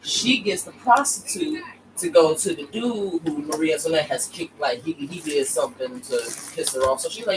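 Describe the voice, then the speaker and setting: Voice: mid-range voice, normal speed, recorded from a distance, noisy background. A podcast co-host telling a story in casual, slangy, profane chat.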